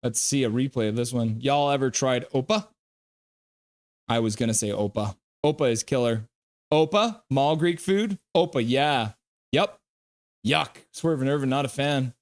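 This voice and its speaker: A man hosts a live stream, casually calling hockey play-by-play and reading chat. His voice is medium-pitched at normal speed, and he's jokey, bantering with chat between play calls.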